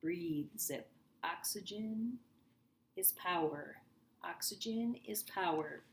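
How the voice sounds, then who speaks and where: A woman voicing a calm, kind schoolboy friend who speaks in a soothing, coaching way. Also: fairly low pitch, slow, a little hiss or hum. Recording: roomy echo.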